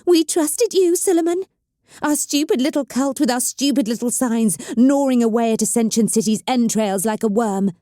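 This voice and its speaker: A woman voices a bitter, volatile young female psyker cultist, hissing, snarling and shouting in anger with a menacing edge. Her voice sits on the high side and is pushed up, yet stays close to an everyday voice, at a moderate pace. The recording is dry with clean studio sound.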